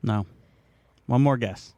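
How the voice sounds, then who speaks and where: A man's voice: mid-range voice, slow pace, dark tone. A man co-hosting a podcast in casual, joking chat, rambling and playful. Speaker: podcast co-host.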